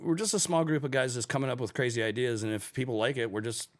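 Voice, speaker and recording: A man co-hosting a casual podcast, explaining things in an animated, loose way and swearing freely. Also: mid-range voice, fast talker. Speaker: podcast co-host. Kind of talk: casual chat.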